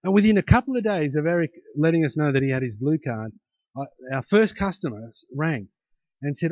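A man's voice: a little high, expressive, brisk, a little mellow, no room sound, dull audio. Middle-aged man preaching a sermon. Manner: conversational storytelling with rising emphatic peaks. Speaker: pastor.

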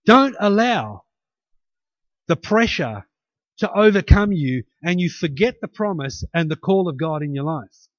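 Man preaching in a lively, chatty way. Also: fairly high pitch, a little slow, no room sound. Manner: conversational, with frequent "hey?" tags and restarts. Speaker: pastor. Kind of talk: sermon. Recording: dull lo-fi, dry.

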